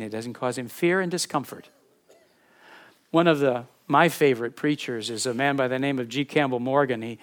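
A man preaching a sermon as a pastor, earnest and heartfelt, often repeating words as he searches for them and dropping from emphatic to hushed. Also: mid-range voice.

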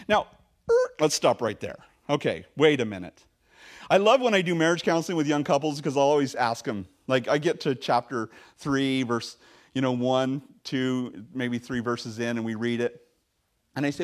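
A male pastor preaching a sermon in a conversational, animated way, with frequent fillers and restarts. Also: medium pitch, moderate pace.

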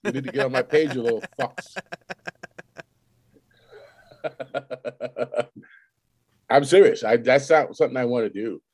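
A man's voice: mid-range voice, measured pace, long pauses, darkish tone, breathy edge. A man co-hosting a podcast, joking around in casual banter and swearing freely. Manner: profane, joking, laughs often. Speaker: podcast co-host.

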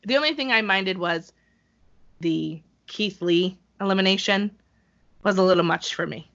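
A bright, excitable woman chatting as co-host, quick to laugh and to throw in animated asides. The recording sounds a little dull and lo-fi, her voice crisp and forward at the top. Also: medium pitch. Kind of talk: casual wrestling chat.

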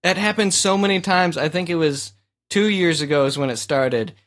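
A man's voice: on the high side, normal speed, a bit bright. A man co-hosting a casual chat on a group call, teasing and exasperated. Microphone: call microphone.

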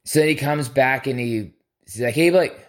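A man's voice: medium pitch, moderate pace, fairly bright tone. Profane, rambling man telling a story. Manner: profane, rambling, quotes his own thoughts aloud. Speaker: podcast host. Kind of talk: casual storytelling monologue.

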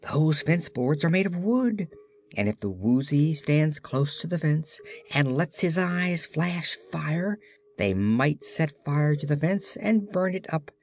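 A reader voicing a cheerful, lively patchwork doll girl who talks with excitement in a storybook reading. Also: medium pitch, slow pace, voice pushed up. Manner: bright, excited. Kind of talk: audiobook character voice.

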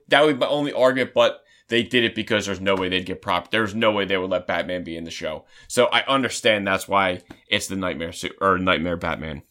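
Guy with a bright forceful voice, rambling fan chat, keeps restarting. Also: fairly low pitch. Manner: rambling, restarts often, excited fan talk. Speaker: podcast co-host. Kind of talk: casual chat.

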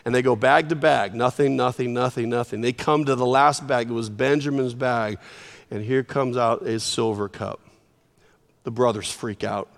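A man preaching a sermon, telling the story in an animated way, with sudden swings in volume. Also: medium pitch, normal speed, gravelly. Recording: long reverb of a large hall.

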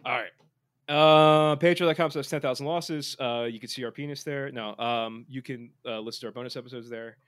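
Bright-voiced joking man. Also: mid-range voice, steady tone, a little fast, clean tone. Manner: joking, playful, reads listener messages aloud. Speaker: podcast co-host. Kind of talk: casual chat.

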